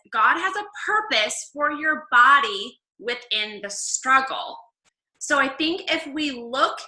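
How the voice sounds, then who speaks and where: A woman leading a casual Bible study talk, chatty and upbeat, laughing often and filling pauses with "um.". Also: on the high side, bright, forceful tone, roomy sound, rough recording.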